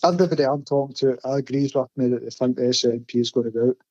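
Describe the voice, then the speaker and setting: A man's voice: medium pitch, steady tone, fast talker, a little mellow, no echo. Blunt Scottish man on a dull line. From Scotland. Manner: blunt, storytelling. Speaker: correspondent. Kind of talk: casual podcast chat.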